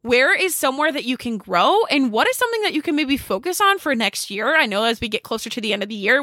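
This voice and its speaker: A young woman talks straight into the mic on her solo podcast, upbeat and chatty, dropping "like" often. Her voice sits high and bright. The sound is close and dry, with no room around it. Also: dry recording. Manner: upbeat, chatty, frequent "like" fillers. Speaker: podcast host.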